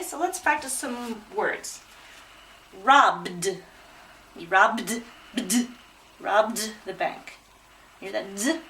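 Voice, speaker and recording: A woman teaching pronunciation, drawing out each word slowly and clearly. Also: a little high, fairly bright tone, distant mic, slight background noise, poor audio. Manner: slow, drawn-out, over-articulated. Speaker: English pronunciation tutor. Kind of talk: demo pronunciation lesson.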